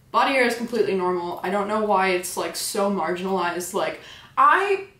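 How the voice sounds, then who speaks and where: A woman's voice: mid-range voice, pushed and bright, a little hiss or hum. A young adult woman hosting a casual makeup tutorial, talking in a joking, self-deprecating way with sarcastic asides. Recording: echoey room.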